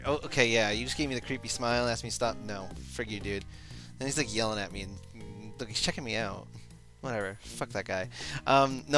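Bright-voiced joking game commentator. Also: male voice, on the low side, fairly even intonation, brisk, faint music behind, low-quality recording. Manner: joking, self-deprecating, rambling. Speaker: let's play commentator. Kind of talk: gameplay commentary.

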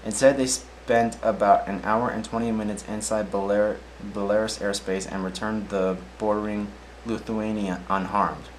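A man's voice: lowish voice, level tone, normal speed, hardly any pauses, a little hiss or hum, rough recording. Man reading odd news, stumbling. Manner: stumbles over names, reads aloud then comments. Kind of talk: casual news reading with asides.

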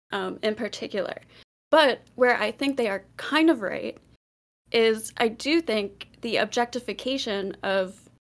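A young woman, a guest on an online panel, talking casually and hedging her points with lots of fillers. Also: on the high side. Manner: rambling, hedging with many fillers.

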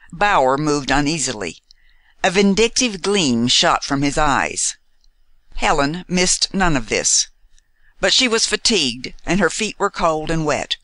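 A man narrating a novel with a bright, forward tone and a lively pitch that rises and falls through each sentence. The reading is measured and expressive, recorded close with a dry sound. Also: no echo. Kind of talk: scripted audiobook narration.

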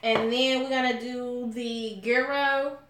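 Fairly high-pitched and fairly even, this woman speaks slowly while running a laid-back live cooking stream from her own kitchen. She talks to her viewers as honey and y'all; the room is echoey, with a little faint noise.

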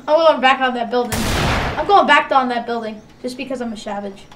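Giggly high-voiced woman gamer, distant mic. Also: a little fast, a crowd in the background. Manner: giggly, teasing, playful. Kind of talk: casual gameplay chatter. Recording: distant mic with clear background noise.

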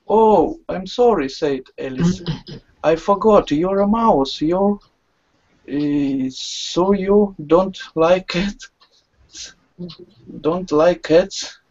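A woman's voice: lowish voice, a little mellow. A woman student reading a story aloud in an online class, stumbling, correcting herself and laughing. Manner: slow halting reading with self-corrections and laughs. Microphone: video call. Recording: dull lo-fi online call audio.

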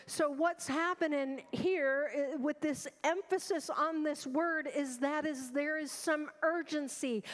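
A woman pastor preaching a sermon with earnest urgency, asking the congregation rhetorical questions. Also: sits high. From United States. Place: large church sanctuary. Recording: long reverb of a church hall.

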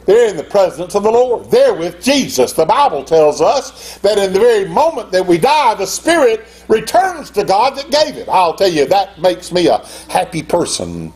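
An older man preaching a sermon as pastor, in an impassioned style that climbs to high, emphatic peaks. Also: sing-song, moderate pace, darkish tone.

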